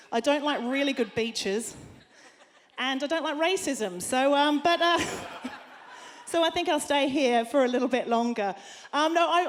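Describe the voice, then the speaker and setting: A brash Australian woman in her forties doing stand-up on a theatre stage. Her voice sits high for a woman, and her crude, self-mocking delivery rises into shouted punchlines. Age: 40s. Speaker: stand-up comedian. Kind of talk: stand-up comedy set.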